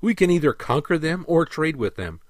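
A man's voice: on the high side, sing-song, moderate pace, no room sound, clean studio sound, voice pushed up. A man reading the part of a blunt, combative general, the emperor's son, who talks with impatient force. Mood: defiant.

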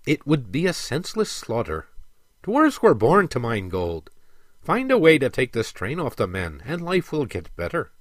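A man voicing an old, dying dwarf king who speaks firmly and commandingly, in a measured, slow delivery. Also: mid-range voice, wildly swooping pitch, dry recording, studio quality. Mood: stern commanding. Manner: firm, declarative, louder than the narration. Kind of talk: audiobook character reading.

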